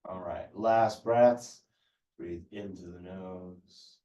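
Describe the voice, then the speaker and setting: A man leading a yoga class, giving calm, unhurried cues for stretches and breathing. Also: deep voice, reverberant, far from the mic. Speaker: yoga instructor. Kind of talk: guided yoga class instruction.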